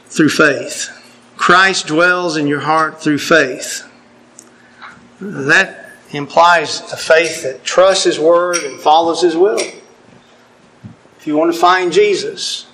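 A middle-aged man preaching a sermon, earnest and deliberate, quoting scripture with emphasis. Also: on the high side, pushed and bright, a little hiss or hum, poor audio.

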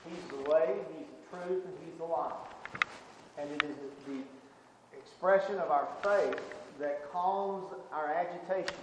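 A man with a somewhat high voice preaches in an earnest, emphatic way, circling back and restarting his phrases as he builds each point. His voice rings through a very echoey hall with a long reverb tail. A faint hiss of noise sits underneath. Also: unhurried. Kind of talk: sermon.

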